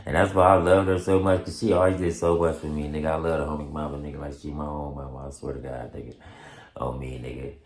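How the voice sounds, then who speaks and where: A man telling a story in casual street slang, laughing often and acting out quotes in high excited voices. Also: fast talker, reverberant. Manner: heavy street slang and profanity. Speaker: storyteller vlogger.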